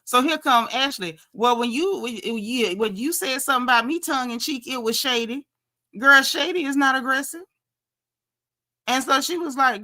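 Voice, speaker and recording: A woman casually recapping a reality show episode, gossipy and animated. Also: sits high, moderate pace. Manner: animated, gossipy, quotes people in lively asides.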